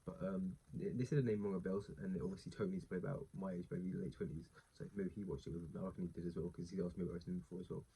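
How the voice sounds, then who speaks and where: A man's voice: low voice, steady tone, very fast, gravelly, few pauses, dark tone, breathy edge, low-quality recording. A man, talking in a casual, rambling way with lots of asides as he reviews a wrestling show. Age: late 20s. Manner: chatty, digressive, many asides and fillers.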